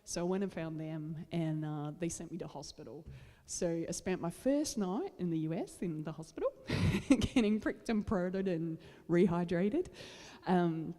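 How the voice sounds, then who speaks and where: Relaxed Australian woman chatting between songs. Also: fairly low pitch, unhurried, in a large hall. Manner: chatty, self-deprecating, many fillers. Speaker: singer-songwriter. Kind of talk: concert stage banter. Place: large church.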